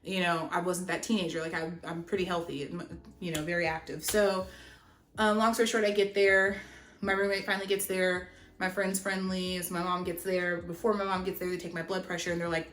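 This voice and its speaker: A young woman telling a storytime vlog, animated and chatty, with lots of "like". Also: on the low side, fairly quick. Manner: animated, chatty, heavy use of "like". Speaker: vlogger. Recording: roomy echo, faint music. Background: faint background music.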